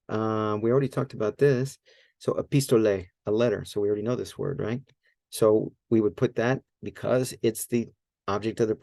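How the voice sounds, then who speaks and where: A man with a low, gravelly, mellow voice teaches in a loose, conversational way. He explains step by step and keeps asking "right?" The sound is dry and close, with no room around it. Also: no room sound. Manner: informal, many fillers, explains step by step, asks "right?". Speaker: Greek language teacher. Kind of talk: casual teaching.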